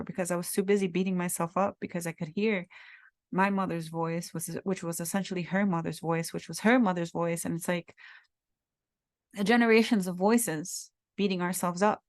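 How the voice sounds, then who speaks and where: Lady podcaster w a low gravelly voice, earnest rambly reflective talk. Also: steady tone, normal speed, no room sound. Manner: earnest, heartfelt, rambling with repeats. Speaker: podcast host.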